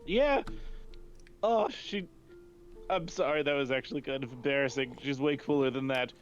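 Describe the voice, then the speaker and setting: A man's voice: medium pitch, flat delivery, fast, dull audio, soft background music. A man playing a tabletop game who giggles and laughs often as he describes his character. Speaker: player.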